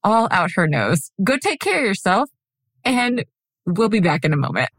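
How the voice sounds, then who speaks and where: A woman's voice: medium pitch, big pitch swings, normal speed, a bit bright, no room sound. A woman co-hosting a podcast in casual chat, goofy and rambling, swearing freely. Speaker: podcast co-host.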